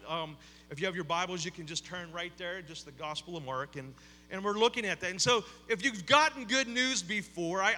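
A man's voice: high-pitched, bright, forceful tone, in a large hall. A man who is a campus pastor, giving a conversational sermon with an opening prayer, talking with many fillers and repeated words in a church sanctuary.

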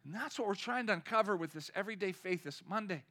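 Bright, high-pitched man preaching. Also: lively intonation, fast. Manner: conversational, rising to impassioned cries; asks the congregation questions. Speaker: pastor. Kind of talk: sermon. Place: church.

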